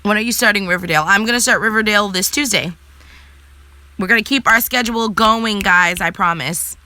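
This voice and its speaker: A young adult woman answers viewer comments in a loose, sassy live chat, blunt and quick to swear. Her voice is bright and forward. It sits close and dry, with no room sound. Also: mid-range voice, dry recording.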